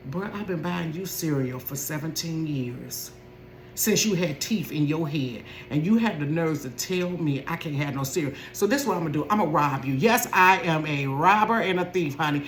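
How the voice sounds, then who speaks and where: A woman in her forties telling a comedic story in a sassy, animated way, laughing often. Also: deep voice, normal speed, slight background noise. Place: bedroom. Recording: roomy bedroom echo.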